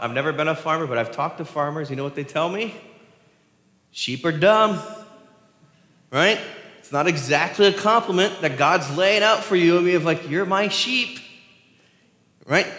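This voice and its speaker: A man giving a conversational sermon as a pastor. He talks in an animated way and keeps asking the congregation "right?". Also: a little high. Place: church sanctuary. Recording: echoey church hall with long reverb.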